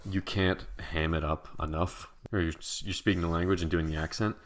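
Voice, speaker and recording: A man's voice: low voice, fairly even intonation, fairly quick. A man co-hosting a casual wine podcast, rambling and joking with plenty of swearing. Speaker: podcast co-host. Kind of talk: casual chat.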